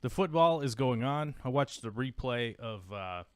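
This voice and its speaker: A man's voice: mid-range voice, lively intonation, unhurried, clean tone. A man hosting a casual live stream, chatting in a goofy, rambling way and greeting viewers in the chat by name. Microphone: desk microphone.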